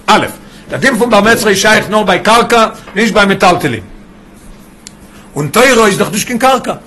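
High-voiced man teaching. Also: fairly bright tone. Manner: mixes English with Yiddish and Hebrew terms, explains with examples. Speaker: Torah teacher. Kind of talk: classroom Torah lesson.

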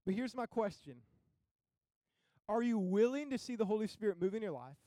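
A young man preaching a sermon as pastor, conversational and casual, building to emphatic high peaks. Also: animated, moderate pace, warm tone, no echo, studio quality.

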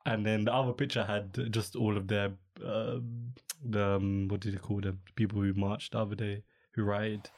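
A young man talks on his podcast in a loose, rambling way, dropping slang and fillers as he goes. His voice sits a little low. It is easygoing, unscripted chat. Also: little pitch movement, normal speed, a little mellow. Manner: rambling, laid-back, peppered with slang and fillers. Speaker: podcast host. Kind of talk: casual chat.

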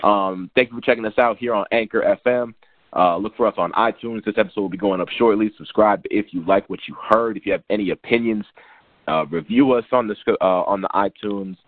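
Low-voiced man rambling about sports. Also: steady tone, fairly quick, no echo. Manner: rambling, many restarts. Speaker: podcast co-host. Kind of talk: casual sports chat. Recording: tinny phone-like sound.

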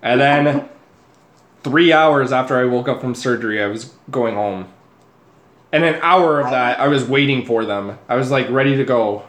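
A laid-back young man co-hosting a casual podcast, spinning a story with plenty of swearing. His voice sits at a middling pitch. The room has a noticeable echo. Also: normal speed, fairly bright tone. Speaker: podcast co-host. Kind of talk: casual chat. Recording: echoey room.

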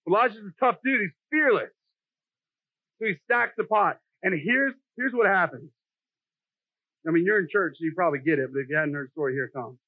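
High-voiced joking man preaching. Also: fairly quick, no echo. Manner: jokey, self-deprecating, conversational. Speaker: pastor. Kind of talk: sermon. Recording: dry, tinny phone-like sound.

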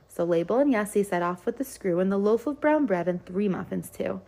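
A woman's voice: mid-range voice, expressive, a little fast, gravelly, hardly any pauses, dark tone. A woman reading a rhyming children's picture book aloud in a lilting rhythm. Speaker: storyteller.

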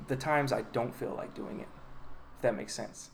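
A man co-hosting a podcast and chatting casually, easygoing and quick to laugh. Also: medium pitch, gravelly, slight background noise. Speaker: podcast co-host and artist. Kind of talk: casual chat.

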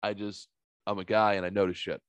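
A man's voice: fairly low pitch, flat delivery, brisk, smooth, no room sound. A man hosting a podcast, telling a rambling, profane story in casual chat. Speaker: podcast host.

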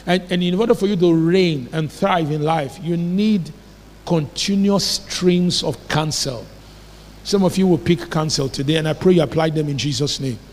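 A man preaches with emphatic conviction, repeatedly checking whether his congregation has understood him. His voice sits high for a man. The sound carries the long reverb of a church hall. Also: moderate pace, darkish tone, slight background noise. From Nigeria. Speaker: pastor. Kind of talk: sermon.

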